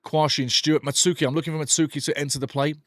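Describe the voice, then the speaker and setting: A man's voice: fairly high pitch, little pitch movement, racing, fairly bright tone, no room sound, studio quality. Opinionated man ranting over football. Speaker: watch-along host. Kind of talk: live football watch-along commentary.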